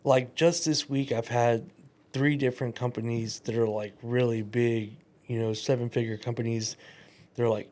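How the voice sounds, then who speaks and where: Animated man telling stories casually. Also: medium pitch, moderate pace. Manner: animated storyteller, acts out quoted voices. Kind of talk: casual podcast conversation.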